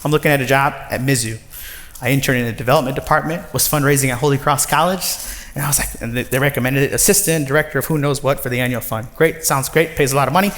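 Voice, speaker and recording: A man in his thirties giving a personal storytelling talk to an audience, lively and acting out the voices of others. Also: medium pitch, fast. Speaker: nonprofit director giving a talk. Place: large former factory floor before an audience. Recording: long reverb of a large hall.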